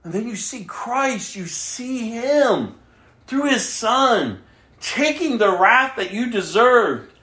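A woman's voice: a little high, big pitch swings, slow, fairly bright tone. A woman preaching a sermon, emphatic, acting out the prayers she quotes. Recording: roomy echo.

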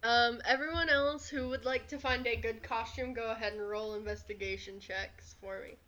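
A woman running a tabletop game as game master, narrating with frequent fillers. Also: on the high side. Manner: slow, relaxed narration with many fillers.

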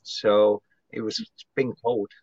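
A man, a guest psychic medium on a video call, talking in a rambling, halting way with many restarts. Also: fairly low pitch, steady tone, darkish tone, breathy edge, dull audio. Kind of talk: casual live-stream chat.

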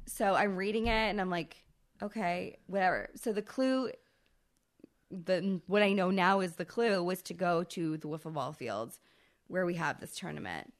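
A woman in her thirties, a podcast co-host, telling a long personal story in casual, profane, animated chat. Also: medium pitch, moderate pace.

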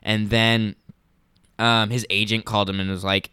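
A young man co-hosting a podcast, telling stories in an excited, rambling way full of "like". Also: lowish voice, moderate pace, smooth, no echo, studio quality. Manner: excited, rambling storyteller with many "like"s. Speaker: podcast co-host. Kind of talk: casual chat.

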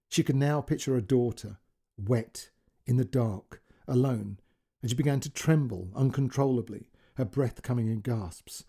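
Male storyteller, warm low timbre, breathy edge, reads fiction with feeling. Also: moderate pace. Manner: gentle, emotive reading that voices each character. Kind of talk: scripted narration.

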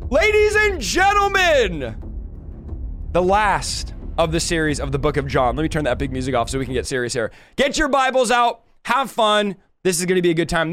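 A man with a high-pitched voice leads a Bible study with lively, dramatic energy. He talks casually and playfully to his audience as the show's host. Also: slight background noise. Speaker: podcast host and Bible teacher.

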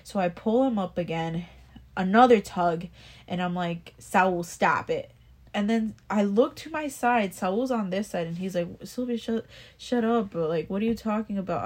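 A woman's voice: medium pitch, darkish tone. A young woman casually telling a personal story, rambling, swearing a lot and restarting her sentences. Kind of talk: casual chat.

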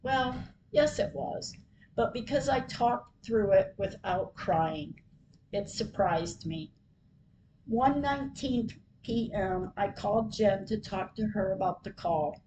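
A woman podcaster reading her diary entries aloud, retelling each call in a plain, measured way. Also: mid-range voice, warm tone, slight background noise, rough recording.

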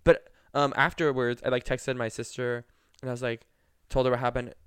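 A man's voice: mid-range voice, flat delivery, normal speed, clear, resonant tone, no room sound, clean studio sound. A young man co-hosting a podcast, telling stories in chatty casual talk with lots of fillers. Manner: chatty storyteller, many fillers. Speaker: podcast co-host. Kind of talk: casual chat.

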